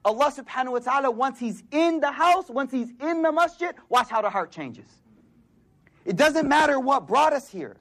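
A man's voice: very high voice, lively intonation, moderate pace, a bit bright. A man in his forties preaching a sermon in casual street slang, telling stories and acting out the people in them. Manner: casual street slang, storytelling with quoted voices.

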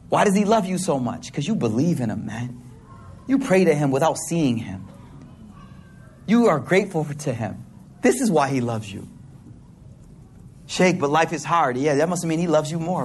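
A man's voice: on the high side, a little hiss or hum. A man preaching a sermon to a congregation in a hall, talking in a casual, slangy way with playful asides.

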